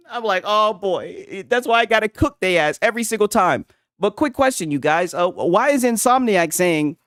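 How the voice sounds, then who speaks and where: Animated mocking male streamer. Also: sits high, dry recording, studio quality. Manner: mocking, laughs often, profane. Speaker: gaming commentary streamer. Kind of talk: casual livestream commentary.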